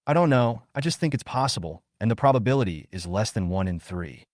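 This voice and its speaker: A man voicing a calm, smug young man in glasses who lectures in an even, measured way, in a read-aloud comic story. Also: lowish voice, no room sound, clean studio sound, close to an everyday voice. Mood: probing.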